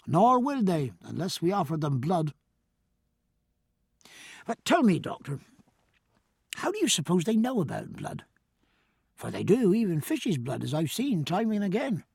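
A man's voice: high voice, big pitch swings, a little slow, vocal fry, pauses often, a little mellow, husky, no echo, studio quality, heavily acted. A man voicing an old sailing master who explains things in a musing, seafaring way. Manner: musing, explanatory, nautical turns of phrase. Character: grizzled old sailing master, calm and curious.

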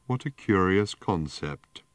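A man voicing an ancient, rusted, depressed male robot in an audiobook, with a slow, groaning, gloomy drawl. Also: low-pitched, animated, no room sound.

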